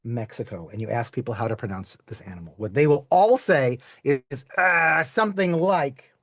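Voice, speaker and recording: A man teaching an online class in a playful, chatty way, his pitch bouncing around as he quizzes the kids. The sound is dry and close, with no room echo. His voice sits in a middle register. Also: animated, moderate pace, fairly bright tone. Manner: playful, chatty, asks students to type in the chat.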